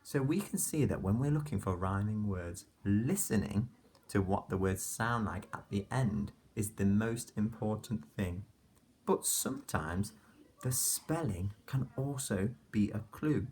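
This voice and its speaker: A man teaching a phonics lesson to young children, slowly sounding out letters one by one and praising the class patiently. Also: on the low side, expressive, a little mellow, a little hiss or hum. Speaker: primary school teacher.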